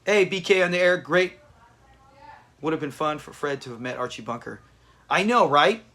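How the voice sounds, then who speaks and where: A man's voice: fairly high pitch, animated, moderate pace, bright, forceful tone. A man hosting a live watch party, chatting casually with viewers and thanking them by name. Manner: chatty, reads out viewer names, restarts often.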